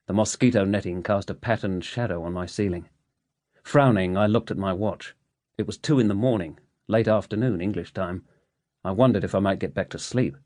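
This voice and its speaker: Low-voiced male audiobook narrator. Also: darkish tone, no room sound, clean studio sound. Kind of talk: scripted first-person narration.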